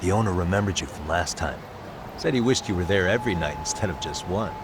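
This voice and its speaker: An actor playing a steady male detective who speaks calmly and reassuringly. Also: low voice, fast, noisy background. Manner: calm, reassuring.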